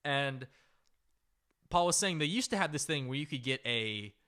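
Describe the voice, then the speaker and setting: Animated, bright-voiced man telling a story. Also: mid-range voice, normal speed. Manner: animated, loose, full of "like" and "right?". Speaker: podcast host. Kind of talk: casual comedic storytelling.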